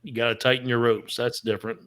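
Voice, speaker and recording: Bright-voiced man in casual podcast banter. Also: mid-range voice, lively intonation, fast, creaky. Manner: reads out trivia, tells rambling jokes. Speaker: podcast co-host. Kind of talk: casual chat.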